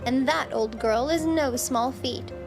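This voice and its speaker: A boastful young nobleman knight, read aloud by a woman, pompous and formal. The voice sits high and bright. Game music plays underneath. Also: measured pace. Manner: pompous, formal old-fashioned phrasing. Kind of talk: reading game dialogue aloud.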